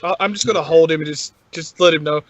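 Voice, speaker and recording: A man's voice: a little high, quick pace, a bit bright. A man playing a tabletop game, talking casually and laughing often. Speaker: player. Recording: dull lo-fi sound.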